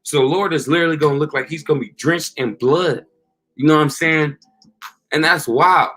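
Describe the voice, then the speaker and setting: Slangy man preaching, a bit high. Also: a little fast, pushed and bright. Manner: casual slang, repeats "you know" and "okay". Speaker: street preacher. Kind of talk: informal preaching monologue.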